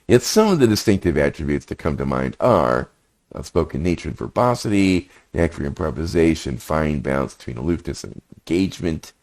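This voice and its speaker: A prompt engineering instructor with a low, darkish voice and vocal fry walks through a screen demo. He reads generated text aloud and mutters his thoughts between passages.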